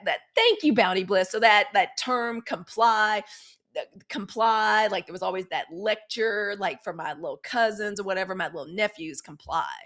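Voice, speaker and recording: A Gen X woman hosting a live news commentary show, talking candidly with profanity and acting out mock quotes. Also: mid-range voice. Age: 40s or 50s. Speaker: host.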